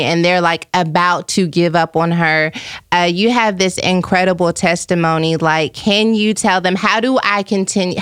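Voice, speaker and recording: A woman hosting an interview, asking questions as a gentle and encouraging listener. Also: lowish voice, smooth, no echo, clean studio sound. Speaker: interviewer and host.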